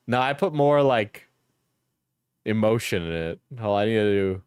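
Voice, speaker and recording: Hoarse, joking male streamer with a New York accent, smooth dry close-mic sound. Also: lowish voice, expressive, unhurried, long pauses, darkish tone, no echo. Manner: joking, rambling, laughs often. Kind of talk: casual live-stream chat.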